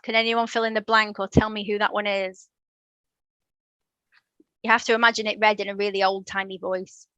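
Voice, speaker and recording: Bright-voiced woman teaching online. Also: mid-range voice, flat delivery, moderate pace, pauses often, no room sound, highs cut off. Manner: encouraging, quizzes students and praises answers. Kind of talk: live online lesson.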